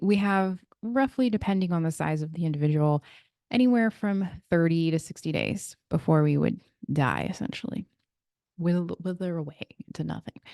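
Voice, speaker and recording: A woman's voice: lowish voice, darkish tone, dry recording, studio quality. A woman hosting a casual solo podcast, explaining breathing in a chatty way with asides and small laughs, speaking into a computer mic. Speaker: podcast host and breathwork practitioner.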